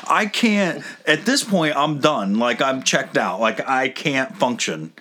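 Man, 30s, hard of hearing, rambling exasperated storyteller, casual swearing, mid-pitched voice. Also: lively intonation, unhurried, bright, forceful tone, slight background noise. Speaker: podcast co-host telling a story.

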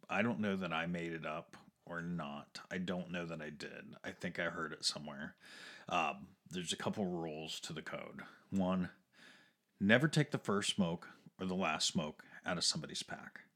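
A man's voice: sits low, a little slow, fairly bright tone. A man in casual conversation, telling a story with frequent laughs, fillers and restarts. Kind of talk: casual chat.

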